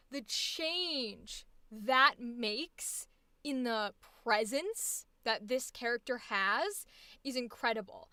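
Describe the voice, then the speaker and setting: A woman's voice: high voice, pushed and bright, no room sound. A woman voice acting instructor giving effusive, chatty commentary on a livestream showcase. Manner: effusive, gushing, chatty with y'all.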